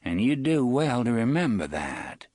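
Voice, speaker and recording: A man's voice: medium pitch, very animated, unhurried, a little mellow, dry recording, studio quality, pitched above the performer's own voice. A man voicing a menacing older gunman with a wavery, sneering voice in an audiobook. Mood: curt. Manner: sneering, mocking. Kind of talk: audiobook character voice.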